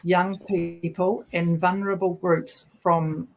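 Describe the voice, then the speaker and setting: A woman's voice: lowish voice, little pitch movement, slow, vocal fry, a little mellow, a little hiss or hum. A woman with a New Zealand accent co-hosting a political livestream, chatty and sarcastic, often restarting her sentences. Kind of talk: casual political talk show.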